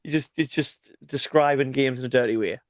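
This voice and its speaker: Joking man, mid-pitched. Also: fairly quick, no room sound, clean studio sound. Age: 30s. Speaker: podcast co-host. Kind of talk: casual banter.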